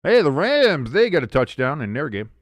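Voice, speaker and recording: A man's voice: fairly high pitch, sing-song, normal speed, dry recording. Chatty, sarcastic man hosting a game stream. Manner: chatty and sarcastic, with mocking asides. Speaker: sports watch-along host. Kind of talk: casual live sports commentary.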